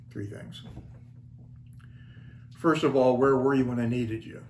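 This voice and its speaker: A man's voice: medium pitch, steady tone, unhurried, pauses often, crowd noise. An older man hosting his own channel, telling a story in a wry, self-deprecating, folksy way. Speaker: channel host. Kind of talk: casual storytelling vlog. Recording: roomy echo, faint ambience.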